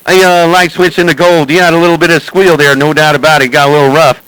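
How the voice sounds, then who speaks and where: A man's voice: fairly high pitch, level tone, fast talker, fairly bright tone, clean tone, no echo, poor audio. A man chatting and joking with other operators over CB radio, calling their handles again and again in a teasing way. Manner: teasing, repeats calls like "hey, Sandman". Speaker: CB radio operator streaming live.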